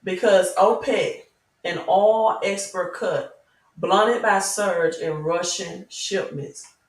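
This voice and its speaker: A woman's voice: fairly low pitch, slow pace. A Southern-accented woman hosts a livestream and talks at viewers in an emphatic, preachy way, with rhetorical questions like "right?" throughout. She sits back from the mic. Her voice rings in a roomy, echoing space. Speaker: crypto channel host. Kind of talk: livestream talk reading chat. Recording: roomy echo, mic at a distance.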